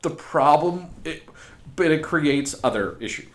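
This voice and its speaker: A podcast co-host with a fairly high, expressive voice speaks a little slowly in a casual chat. He's blunt and opinionated, swearing offhandedly as he talks.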